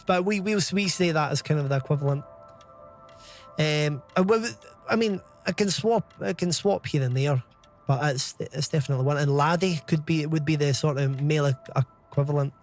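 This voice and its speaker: A man with a fairly high voice chats on a game live stream, drifting from topic to topic and laughing often. Soft game music plays faintly under his voice. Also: normal speed. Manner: rambling, chatty, laughs often. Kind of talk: casual live-stream chat.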